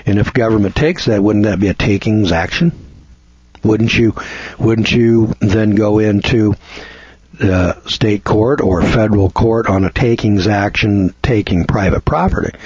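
A man's voice: on the low side, a little mellow, breathy edge, dry recording. A man giving a rambling lecture in a blunt, scornful manner, often restarting his sentences. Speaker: seminar lecturer. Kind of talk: folksy lecture. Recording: dull lo-fi recording.

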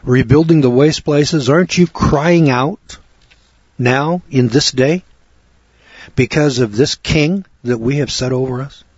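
A man preaching a sermon, sarcastic and fiery, dropping to low asides and rising to loud outbursts. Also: measured pace, husky, no room sound. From United States. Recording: dry, dull lo-fi recording.

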